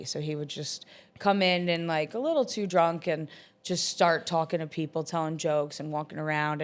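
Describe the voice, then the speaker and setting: Chatty thirty-something woman, lowish voice. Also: clean tone. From Long Island, New York. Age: 30s. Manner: chatty, many "like" and "um" fillers, laughs often. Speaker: bartender guest. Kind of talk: casual storytelling in an interview.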